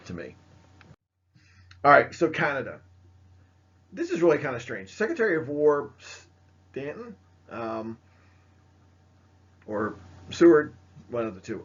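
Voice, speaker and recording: A man's voice: mid-range voice, a bit bright, muffled recording. A man giving a casual history lecture, full of fillers and asides as he points to slides. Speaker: history teacher. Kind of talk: recorded classroom lecture.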